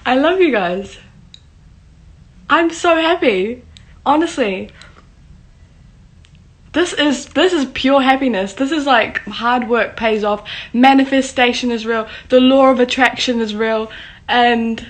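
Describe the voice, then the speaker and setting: A young woman vlogging in a gushing, breathless and emotional casual way. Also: a little high. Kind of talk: excited casual vlog.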